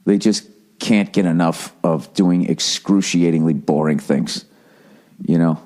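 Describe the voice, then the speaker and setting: A middle-aged American man with a fairly low voice, ranting on a podcast. He swears freely, stumbles and restarts sentences, and keeps a loose comedic flow. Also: measured pace, warm tone. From United States. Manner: profane, ranting, with frequent restarts. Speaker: podcast host.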